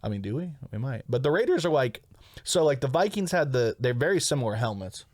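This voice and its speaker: A man's voice: mid-range voice, very animated, fairly quick, darkish tone, no room sound. A man co-hosting a comedy podcast in casual, rambling chat, swearing freely and laughing often. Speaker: podcast co-host.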